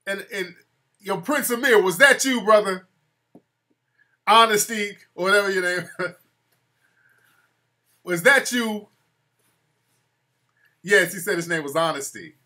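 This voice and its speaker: Bright-voiced man hosting a call-in show. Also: high-pitched, slow, pauses often. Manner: mocking, loose street slang. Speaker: host.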